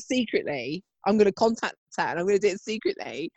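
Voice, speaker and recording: A woman's voice: mid-range voice, very animated, fast, darkish tone, dry recording, highs cut off. A woman chats on her podcast with a playful, self-mocking humour. Her voice swoops up and down with lots of life in it. The sound is close and dry, with no room around it. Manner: chatty, jokey, self-mocking. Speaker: podcast co-host. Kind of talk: casual chat.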